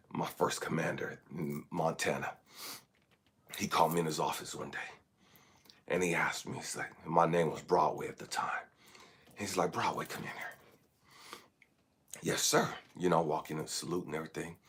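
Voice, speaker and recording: A man from California, a life coach, telling a personal story that swings between loud emphatic bursts and hushed asides. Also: rumbling low, fairly even intonation, moderate pace, pauses often, slightly rough. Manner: often asks "you know what I mean?". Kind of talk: motivational storytelling.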